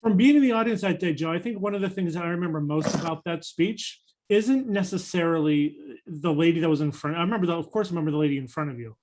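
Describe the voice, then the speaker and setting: A man with a fairly high voice moderates a discussion session. He praises the speaker and brings in the next attendee in a courteous, slightly formal manner. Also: quick pace, darkish tone. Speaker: session host.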